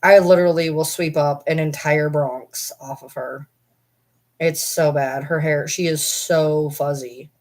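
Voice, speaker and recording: A woman's voice: sits low, steady tone, measured pace, a little mellow. A young woman vlogger chatting candidly and rambling with her viewers, swearing now and then. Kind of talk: casual chat.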